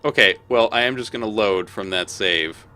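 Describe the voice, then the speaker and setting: A man's voice: on the low side, moderate pace, pushed and bright, soft background music. A man streaming a game live, reading its text aloud and reacting with exclamations.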